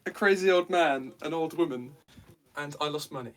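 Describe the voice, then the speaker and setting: A man's voice: a little high, normal speed, fairly bright tone. A man playing a tabletop game with friends, wry and a bit hesitant, often trailing into fillers. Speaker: player. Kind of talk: casual tabletop role-play.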